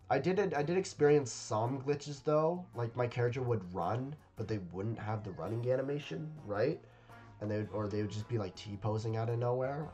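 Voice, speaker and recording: A man's voice: fairly low pitch, darkish tone. A man reacting to a game trailer in casual commentary, rambling and hesitant with lots of fillers and repeated words, recorded at a home webcam setup.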